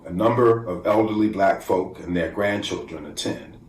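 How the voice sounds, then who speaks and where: A man with a very low voice reads his poems slowly and deliberately, now and then sinking toward a whisper. He sounds set back from the microphone in an echoey room at home, with a faint hiss of background noise. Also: recorded from a distance. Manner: measured, deliberate reading, dropping to a near whisper at times. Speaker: poet. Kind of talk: poetry reading. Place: room at home, virtual festival.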